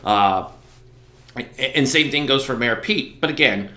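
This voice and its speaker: A man hosting a talk show, chatting casually and voicing his opinions emphatically, often getting loud. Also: medium pitch, measured pace, reverberant. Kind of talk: casual interview conversation.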